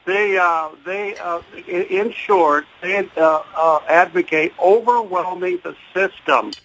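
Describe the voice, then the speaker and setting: A man's voice: high voice, slow pace, a bit bright, rough recording. A man calling in to a talk radio show, speaking hesitantly with many stops and restarts. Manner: hesitant, full of fillers and restarts. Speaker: caller.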